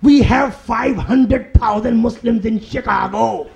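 A man putting on a boastful older community uncle, speaking slowly and emphatically. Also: extremely high pitch, creaky, darkish tone, heavily acted. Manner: bragging, slow and emphatic.

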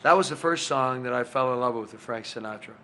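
Entertainer, man, mid-range voice, relaxed, friendly self-introduction. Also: medium pitch, quick pace, a little hiss or hum. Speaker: entertainer and impressionist.

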